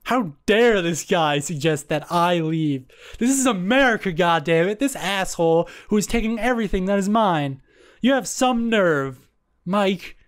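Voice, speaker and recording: A woman voicing an enraged young man, the hero of a visual novel, who shouts in explosive bursts. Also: sits low, animated, slow pace, few pauses. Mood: furious.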